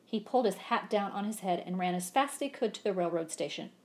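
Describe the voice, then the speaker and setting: A woman reads a children's storybook aloud at a quick pace, animated and expressive. Her pitch rises and falls freely, and she gleefully acts out the sound effects.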